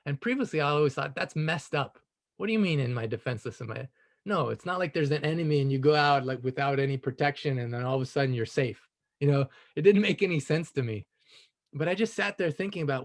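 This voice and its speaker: A man sharing a personal story on a group call, earnest and reflective, often adding "you know" and soft laughs. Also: fairly high pitch. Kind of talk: casual spoken storytelling.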